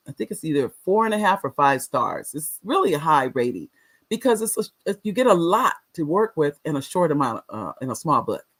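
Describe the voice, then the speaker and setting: A woman's voice: low voice, slightly rough. A woman talk show host and author, teaching viewers how to say no and repeating key phrases for emphasis.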